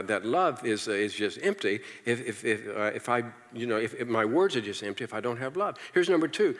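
A man preaches to his congregation in a lively, conversational way, calling on them to repeat phrases back to him. He stumbles and restarts often, and his voice is at an ordinary middle pitch for a man. The sound carries a long reverb from a large church hall. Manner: animated, engages the congregation with call-and-response. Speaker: pastor. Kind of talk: sermon.

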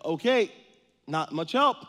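A man voicing a panicked man stuck at the bottom of a hole, yelling for help. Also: fairly high pitch, animated, takes it slowly, long reverb tail. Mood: exasperated.

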